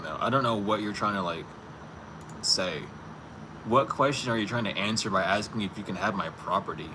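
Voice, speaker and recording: Guy with a lowish voice ranting casually outside, chuckling, kinda incredulous, traffic noise behind him. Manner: incredulous, chuckling, talks back to an unheard other. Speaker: vlogger. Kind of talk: casual spoken monologue. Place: outdoors on a street.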